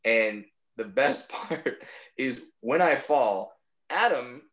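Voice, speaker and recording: A man, a comedian guest on a podcast, telling stories in casual chat and slipping into quick impressions of friends. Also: mid-range voice, low-quality recording. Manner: storytelling, animated impressions.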